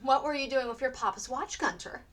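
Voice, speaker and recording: A woman's voice: sits high, fairly quick, fairly bright tone, voice pushed up. A woman reading aloud voices a flustered, fussy farm wife and mother who frets and exclaims. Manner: anxious, exclaiming.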